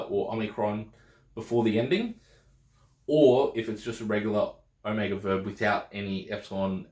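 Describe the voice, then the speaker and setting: A man's voice: lowish voice, a little mellow, echoey room. A man teaching a recorded language lesson, explaining patiently and checking in with frequent "okay"s, possibly. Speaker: Greek teacher. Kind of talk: video lesson.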